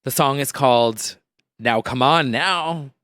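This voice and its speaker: A man's voice: medium pitch, slow, fairly bright tone, dry recording. A man co-hosting a pop culture podcast, chatting in a playful way and laughing often. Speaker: podcast co-host. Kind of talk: casual chat.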